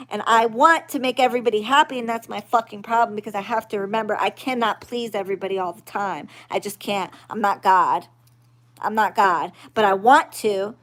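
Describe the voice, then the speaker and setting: A woman's voice: on the high side, fairly bright tone. A woman who works as a witch and spiritual reader, venting in a vlog in a blunt, profane, emphatic way and keeping on asking "okay?".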